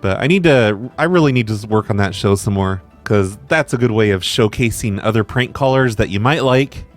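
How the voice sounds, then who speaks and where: Chatty male podcast host. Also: fairly low pitch. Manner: loose, chatty, self-deprecating. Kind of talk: casual rambling chat.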